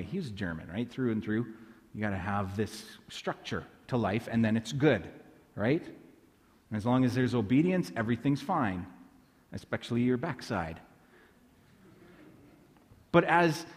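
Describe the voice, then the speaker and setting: A man's voice: mid-range voice, darkish tone, in a large hall. A man preaching a sermon as a pastor, telling stories in a loose, conversational way with fillers and restarts.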